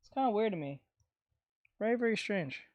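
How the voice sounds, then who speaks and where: A woman's voice: medium pitch, expressive, a little fast, muffled recording, slight background noise. A woman in casual chat as co-host, hesitant and trailing off mid-sentence.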